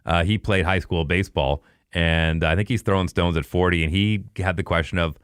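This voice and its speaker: A man's voice: deep voice, fairly even intonation, brisk, smooth, dry recording, studio quality. A man who is a radio host, chatting casually and enthusiastically as a guest on a podcast. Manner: enthusiastic, conversational.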